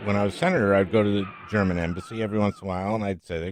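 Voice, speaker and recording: Jokey low-voiced man hosting a podcast. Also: quick pace, hardly any pauses, no room sound, clean studio sound. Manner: jokey, animated, rambling asides. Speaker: podcast host. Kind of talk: casual interview chat.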